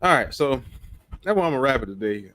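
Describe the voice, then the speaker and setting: A man's voice: mid-range voice, very animated, fast, a bit bright. A man ranting bluntly on his livestream, profane and emphatic.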